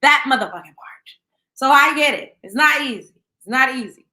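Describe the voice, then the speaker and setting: A woman hosting a gossip commentary show, profane and blunt, with an animated delivery. Her voice is high and bright. The room gives it a roomy echo. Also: moderate pace. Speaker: show host. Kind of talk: casual celebrity gossip commentary.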